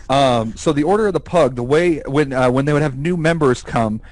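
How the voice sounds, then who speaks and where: Animated, profane man telling stories. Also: medium pitch, moderate pace, poor audio. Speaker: podcast co-host. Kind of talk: casual storytelling chat.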